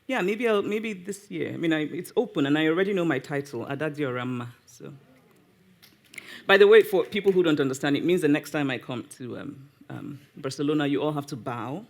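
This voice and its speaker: Nigerian woman, guest speaker at a live talk, animated, teasing, self-correcting. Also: low-pitched, brisk, gravelly. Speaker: guest author. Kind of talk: public conversation, answering audience. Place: live event before an audience.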